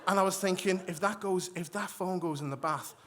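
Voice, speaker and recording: A man telling a story on stage to a live audience, animated, acting out voices and often restarting his sentences. He has moved to Australia from elsewhere. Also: sits high, fairly quick. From migrated to Australia. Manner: animated, acts out quoted voices, frequent restarts. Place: stage in a hall before an audience.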